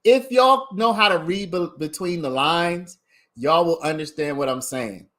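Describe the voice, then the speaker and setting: A man chats through a livestream at an unhurried pace, speaking directly to his audience as he comments. His voice sits a little high for a man, and he takes his time working through each point. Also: bright, forceful tone. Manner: chatty, talks straight to viewers as "y'all". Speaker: livestream host commenting on a trial.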